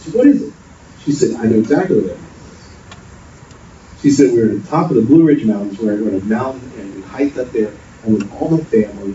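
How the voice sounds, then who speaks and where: A man's voice: mid-range voice, dark tone. Earnest man preaching in an echoey hall. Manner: earnest, storytelling, repeats himself. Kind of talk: sermon. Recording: distant, dull, noisy echoey hall.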